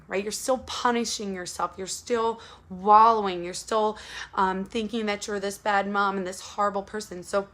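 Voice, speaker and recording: Woman coach, earnest, direct address, mid-pitched, plain casual delivery. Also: a bit bright. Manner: earnest, repetitive, speaks straight to the listener. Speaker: postpartum support coach. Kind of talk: casual direct-to-camera advice talk.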